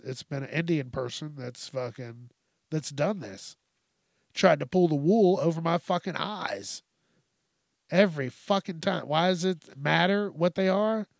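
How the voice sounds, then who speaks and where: A man's voice: fairly high pitch, creaky, no room sound, studio quality. A man hosting a podcast, ranting casually and comically, swearing a lot and laughing between lines. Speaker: podcast host. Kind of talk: casual comedic rant.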